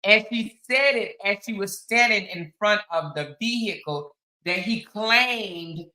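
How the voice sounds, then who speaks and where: A woman in her 50s from the outskirts of Houston, Texas, hosts a casual live stream, chatting straight to her viewers and reading their comments aloud. Her mid-range voice moves slowly and sounds pushed and bright, with a reverberant quality.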